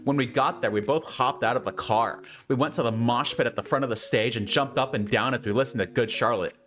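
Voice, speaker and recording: A man's voice: mid-range voice, fairly quick, fairly bright tone, faint music behind. Man reading a story aloud for laughs. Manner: amused, breaks off to comment. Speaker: host reading fanfiction aloud. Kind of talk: comedic dramatic reading.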